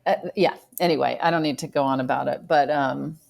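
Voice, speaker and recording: A woman co-hosting a podcast, casual chat with a deadpan, understated delivery. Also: a bass voice, a little fast, vocal fry. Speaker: podcast co-host.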